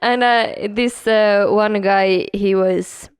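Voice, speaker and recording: A woman's voice: medium pitch, fairly even intonation, slow, clean tone. A woman co-hosting a casual hospitality podcast, chatting about her front desk job with frequent giggles. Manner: giggly, self-deprecating, lots of laughter. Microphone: podcast microphone.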